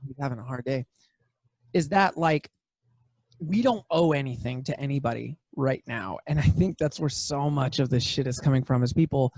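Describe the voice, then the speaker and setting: A young man hosting a podcast, telling stories in casual chat with animated, profane bursts. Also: medium pitch, normal speed, dry recording. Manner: animated, profane storytelling with sudden loud bursts. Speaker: podcast host.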